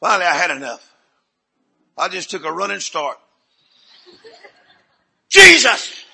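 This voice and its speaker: An older man, preaching in a rambling, folksy storytelling sermon with sudden shouts. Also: a little high, a little fast, creaky, breathy edge.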